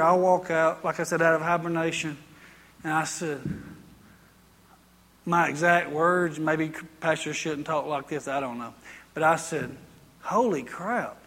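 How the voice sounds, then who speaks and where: A man's voice: a little high, bright, forceful tone, long reverb tail. A male pastor preaching a sermon in a folksy, chatty storytelling way, full of asides.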